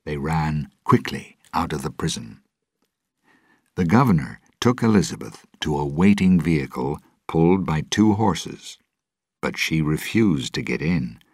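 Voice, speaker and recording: Very deep-voiced slow male storyteller. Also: big pitch swings, husky, dry recording, clean studio sound. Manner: measured, dramatic reading. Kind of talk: storybook narration.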